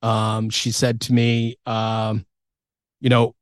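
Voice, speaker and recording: A man's voice: lowish voice, monotone, slow pace, dry recording. A middle-aged man, a firefighter guest on a podcast, telling his story in a candid, blunt way with mild swearing and many fillers. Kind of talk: casual interview storytelling.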